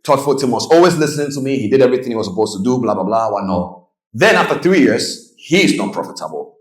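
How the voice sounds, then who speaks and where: A man of middle pitch gives a motivational talk on trading to a live room. He tells his points as stories and acts out the characters in them. His voice carries a clear echo from the room. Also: fast talker. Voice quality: animated storytelling, acts out quoted voices. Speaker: trading coach. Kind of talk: motivational presentation.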